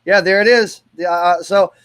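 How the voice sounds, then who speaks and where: A man's voice: high-pitched, fairly even intonation, moderate pace, fairly bright tone. A man hosting an online interview, enthusiastic and stumbling over his words. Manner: enthusiastic, stumbling, restarts often. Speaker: host.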